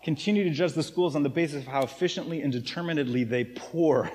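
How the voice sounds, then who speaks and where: A man preaching a sermon to his congregation in a relaxed, conversational way, often checking in with "right?". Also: on the high side, fast, hardly any pauses. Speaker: pastor. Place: church sanctuary. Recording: long hall reverb.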